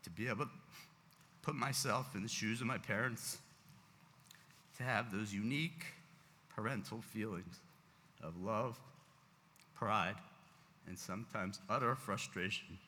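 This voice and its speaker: A man speaks as a proud father at a ceremony, emotional and close to tears. His voice sits a little low but rings bright and forceful. It carries a long reverb from a large sanctuary with faint noise behind. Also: unhurried, long pauses. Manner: emotional, heartfelt, fighting back tears. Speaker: father of the bat mitzvah girl. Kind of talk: parent's speech read at a ceremony.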